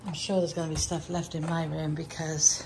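A British woman casually vlogs while emptying her house, tired and chatty with an emotional edge. Her low-sitting voice is flat and a little mellow at normal speed, in British English, and the home recording is noisy.

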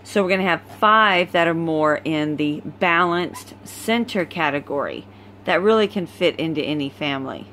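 With a low, slightly bright voice and lively intonation, a tired woman breeder casually introduces her litter of puppies in a phone video shot at home. She's slow, easygoing and chatty, and slight background noise can be heard.

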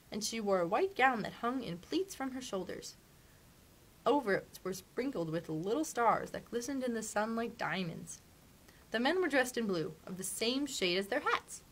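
A woman librarian reading a storybook aloud for children, expressive and animated, with gasps at dramatic moments. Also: on the high side, rough recording.

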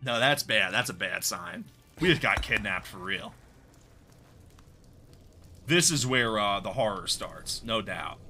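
A man's voice: fairly low pitch, lively intonation, a little slow, long pauses, bright, forceful tone, faint music behind. A man streaming a game live, chatting casually, reacting aloud and greeting viewers in chat. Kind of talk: live gameplay commentary.

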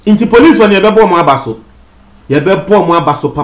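Ghanaian male TV presenter, high voice, talks straight to viewers, echoey room. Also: expressive, fairly quick. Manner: mixes Twi with English; addresses viewers directly. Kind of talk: commentary on a news story. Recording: roomy echo.

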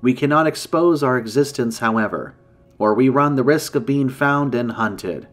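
A man voicing an ancient, grave female dragon in human form, speaking in a measured, formal way in a campfire story. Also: mid-range voice, a bit bright, soft background music, lightly acted. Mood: solemn. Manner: solemn, measured, formal speech.

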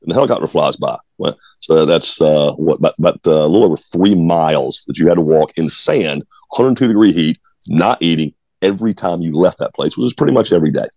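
Deep, animated and a little mellow, this man talks slightly fast with no room sound. He's a Georgia-born ex-ballplayer in his forties, a guest in a relaxed interview whose stories are blunt and profane, and he repeats words whenever he restarts.

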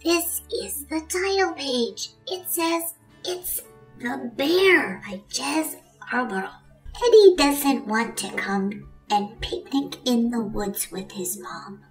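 A woman reads a picture book aloud to preschoolers, slow and very expressive. Her voice is high and swoops widely, and she gasps at the surprises. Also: recorded from a distance, faint music behind. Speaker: preschool storyteller.

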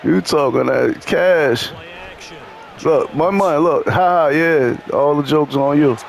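A man trash-talking loudly and profanely at his opponent while playing a video game, laughing often. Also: a little high, slow, gravelly. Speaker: gamer.

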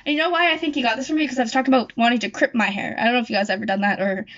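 A woman's voice: on the high side, very fast, a bit bright. A young woman chatting casually at home, rambling and correcting herself as she goes. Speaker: YouTuber. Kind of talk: casual chat. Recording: dull lo-fi recording.

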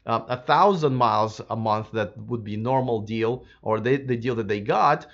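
A man hosting a live stream, chatting casually with lots of fillers and restarts, his voice a bit hoarse from a sore throat. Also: medium pitch, moderate pace, a bit bright, highs cut off. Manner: rambling, many fillers and restarts. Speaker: livestream host.

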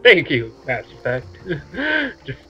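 A man talks through his gameplay slowly, tossing out crude, laid-back jokes. His voice sits a little high. The mic sounds dull and lo-fi, with faint game music underneath. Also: huge pitch swings, husky. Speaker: let's play host. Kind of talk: gameplay commentary.

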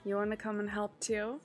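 A woman streamer in casual chat with her viewers. She is chatty, swears often and trails off with fillers. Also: medium pitch.

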